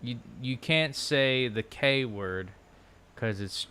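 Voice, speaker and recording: A man vlogging from a low couch at home into his laptop, musing aloud in a loose, rambling way full of "like" and restarts. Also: slow pace, bright, forceful tone, clean tone. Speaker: language-learning vlogger. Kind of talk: casual rambling chat. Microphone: laptop microphone.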